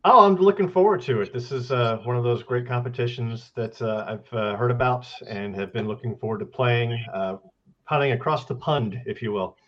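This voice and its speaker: A man chats casually as a game contestant and keeps pausing on uhs. His voice has a middle pitch. The audio is dull and lo-fi, as on a video call. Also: a bit bright. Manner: hesitant, filling gaps with uhs. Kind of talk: casual chat.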